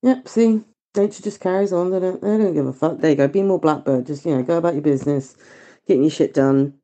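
Sweary woman with a low, dark voice. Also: fast talker. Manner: sweary, rambling, emotional. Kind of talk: heartfelt voice-note monologue. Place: outdoors in a garden.

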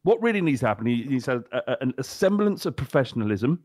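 A man's voice: mid-range voice, very animated, quick pace, a little mellow, no echo, studio quality. A man co-hosting a football podcast, ranting bluntly and heatedly with plenty of swearing. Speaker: podcast co-host. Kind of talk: casual chat.

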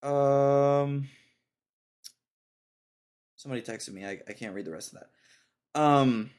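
A man's voice: mid-range voice, slow, darkish tone, clean tone. Young man ranting on his solo podcast. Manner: ranting, exasperated, mocking, laughs at own jokes. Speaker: podcast host. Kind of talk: casual solo podcast rant.

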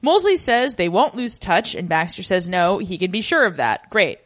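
A woman's voice: medium pitch, very animated, moderate pace. A woman co-hosting a podcast, recapping a drama with sarcastic jokes in casual chat. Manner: sarcastic, joking asides. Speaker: podcast co-host.

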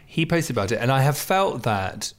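A man's voice: medium pitch, sing-song, normal speed. A man co-hosting a casual podcast chat, recommending places with wry joking asides. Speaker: podcast co-host.

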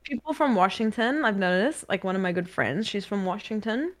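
A woman's voice: mid-range voice, animated, a little fast. A young woman from New Zealand with a New Zealand accent, chatting casually and playfully as a guest on a podcast. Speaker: guest streamer.

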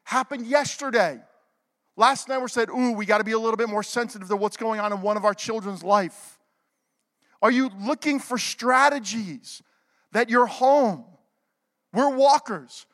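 A middle-aged man preaches from the pulpit in a strikingly high voice, and long reverb from a large church hall trails every phrase. He swings between loud, urgent exhortation and near-whispered confession, stopping to ask the congregation for an amen. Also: normal speed. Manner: calls for amens from the congregation. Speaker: pastor. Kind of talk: sermon.

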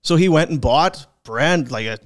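Lively, higher-voiced male sports host. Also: normal speed. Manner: chatty anecdotes, acts out quotes. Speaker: podcast host. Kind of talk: casual sports chat and storytelling.

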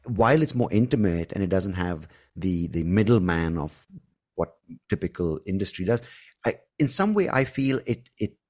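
A man's voice: deep voice, lively intonation, moderate pace, darkish tone. A man hosting a podcast, speaking earnestly and enthusiastically, often adding "right?" and "like". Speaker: podcast host. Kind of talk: casual podcast chat.

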